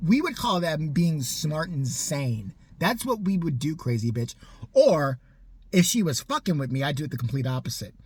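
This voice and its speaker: A man ranting about his neighbor in a loose, profane, sarcastic way. His husky voice sits a bit high and swings widely in pitch as he talks. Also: very animated, moderate pace, dry recording. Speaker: vlogger. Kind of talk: casual storytelling rant.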